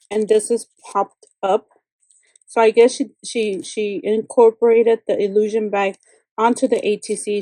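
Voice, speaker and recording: A woman hosting a craft vlog, opening a gift and gushing over every piece. Her voice is mellow and warm, sitting in the middle of the range. She talks casually, with many exclamations and fillers. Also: mid-range voice, no echo, low-quality recording. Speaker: craft channel host.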